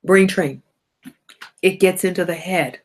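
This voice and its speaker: Woman with a cold, animated host. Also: lowish voice, a little slow. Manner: animated, laughs and self-corrects often. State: has a cold. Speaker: host of a self-help broadcast. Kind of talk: motivational talk to viewers.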